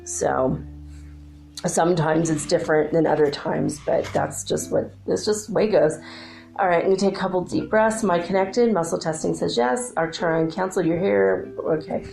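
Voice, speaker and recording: A woman's voice: on the low side, moderate pace, creaky, darkish tone, faint music behind. A middle-aged woman hosting a spiritual talk show, chatty and rambling, laughing often. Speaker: spiritual channeler and show host.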